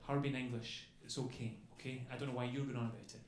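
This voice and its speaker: Speaking quickly in a level, mid-range voice, a stand-up comic rambles through a chatty club set, capping lines with "okay?" and "you know." Faint noise and echo fill the club room.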